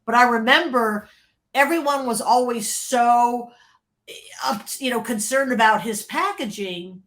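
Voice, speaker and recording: An older woman recounts her work as a record label art director in relaxed, chatty storytelling. Her voice sits a little high, and she acts out the people she quotes. She laughs easily as the anecdotes build. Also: a little slow. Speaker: interview guest, former record label creative director. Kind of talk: casual storytelling.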